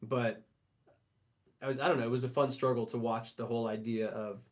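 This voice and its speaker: A man's voice: medium pitch, steady tone, a little fast. Easygoing man co-hosting a podcast. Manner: easygoing, laughs often. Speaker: podcast co-host. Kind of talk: casual chat.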